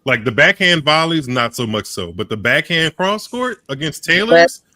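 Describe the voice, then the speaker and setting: A man co-hosting a casual live watch-along podcast. His voice is bright and swings widely in pitch. He rambles and laughs as he chats. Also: very animated, normal speed, no room sound, clean studio sound. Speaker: podcast co-host.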